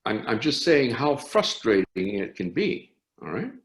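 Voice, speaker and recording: An older man, a conductor, recounts stories in an interview with animated, rising and falling intonation. He restarts phrases often as he talks. His voice carries a roomy echo. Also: medium pitch, unhurried. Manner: animated anecdote teller with frequent restarts. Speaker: orchestra conductor. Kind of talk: storytelling interview.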